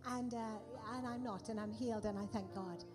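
A woman's voice: medium pitch, fairly even intonation, brisk. A woman giving a spontaneous testimony, rambling with many fillers. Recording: live with music behind.

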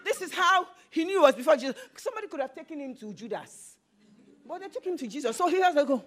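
A married woman preaching a sermon, animated and swinging into bursts of shouting. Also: sits high, quick pace. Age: adult, married.

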